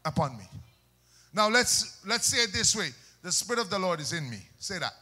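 A male preacher, delivering a fiery sermon, shouting and then dropping to soft asides, with call-and-response questions. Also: sits high, very animated, a little fast, slightly rough. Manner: swings between loud shouts and soft asides.

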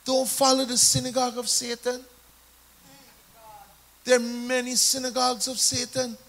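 Brief: Jamaican-accented male preacher, high pitch, bright and punchy, leads the room in call-and-response. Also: monotone, normal speed. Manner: call-and-response preaching, rising and falling emphasis. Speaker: pastor. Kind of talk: sermon.

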